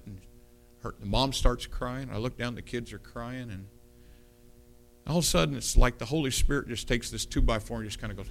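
A male pastor preaching, telling a personal story with lively quoted dialogue and punchy delivery. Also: medium pitch, normal speed, slight background noise. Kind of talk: sermon storytelling.

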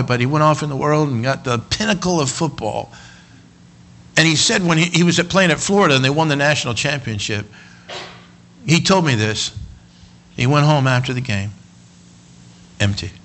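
Male preacher, bright, forceful delivery, soft asides break into shouts, repeats himself. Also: mid-range voice, normal speed, pauses often, poor audio. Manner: swings from quiet talk to shouted emphasis; stumbles and repeats words. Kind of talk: sermon.

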